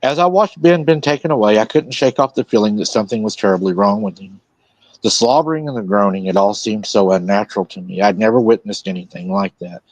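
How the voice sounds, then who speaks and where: A man hosting a live stream in a relaxed way, retelling a witness's account and quoting his words. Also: on the low side, fast, no room sound, low-quality recording. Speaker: host.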